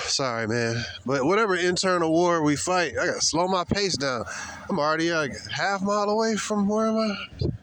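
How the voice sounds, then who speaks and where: A man gives a casual, sermon-like talk outdoors while out on a brisk walk. His speech is slangy and emphatic, and he hammers his points home by repeating them. His breathing is heavy from the pace of his walk. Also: sits high, lively intonation, a bit bright, a little hiss or hum. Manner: talks while walking fast, breathing hard. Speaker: vlogger. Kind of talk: casual preachy monologue.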